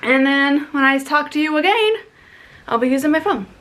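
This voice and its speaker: A woman's voice: high voice, animated, normal speed, a bit bright. A young woman chatting casually to her camera indoors as a travel vlogger, rambling and laughing often. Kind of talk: casual vlog chat to camera. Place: indoors at a lodging. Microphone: handheld camera.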